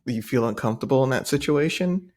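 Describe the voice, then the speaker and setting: A man co-hosting a casual podcast, with a pitch that swings widely as he jokes and laughs. He talks in an animated way and breaks into playful mocking impressions of other people. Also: fairly quick. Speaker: podcast co-host. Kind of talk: casual chat.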